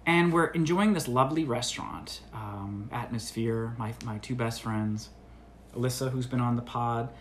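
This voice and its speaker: A man co-hosting a comedy podcast, telling a story in an animated way and acting out the quoted lines with big jumps in pitch. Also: moderate pace, slight background noise. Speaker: podcast co-host.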